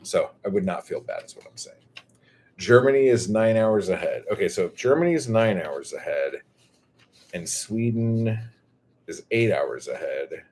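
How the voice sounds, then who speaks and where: A man with a low, deep voice and a drawling Californian surfer-dude accent chats on a casual livestream. He stretches his words out, rambles and swears freely while reading chat aloud. A faint noise sits behind his voice. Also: expressive, moderate pace, darkish tone.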